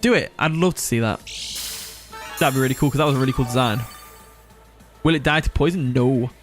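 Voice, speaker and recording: A man's voice: medium pitch, fairly quick, faint music behind. A young man from England, giving casual live commentary on a game, reading chat aloud and laughing often. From Nottinghamshire, England. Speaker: streamer.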